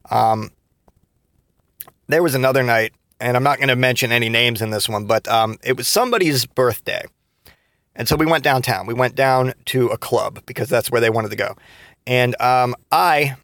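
A man's voice: medium pitch, fairly bright tone, dry recording. A man in his thirties telling rambling, profane stories from his past in a casual podcast monologue, full of restarts and fillers. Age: 30s. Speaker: podcast host.

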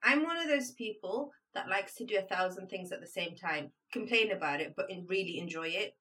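Woman teacher, thirties, casual interview guest, bright lively storytelling, a little off-mic. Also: mid-range voice, fairly quick, recorded from a distance. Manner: animated storytelling, acts out quotes. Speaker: podcast guest, primary school teacher. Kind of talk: casual chat.

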